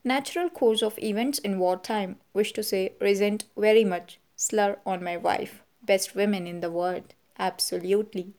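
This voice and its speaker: A woman reading the part of a gruff elderly army general who barks in clipped, halting phrases. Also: medium pitch, steady tone, darkish tone, natural voice. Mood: stiff, indignant.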